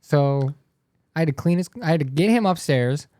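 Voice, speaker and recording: A man's voice: fairly high pitch, moderate pace, dark tone, dry recording. A young man, a podcast co-host, telling a story in a loose, profane, rambling way. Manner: loose, swears constantly, trails off and restarts.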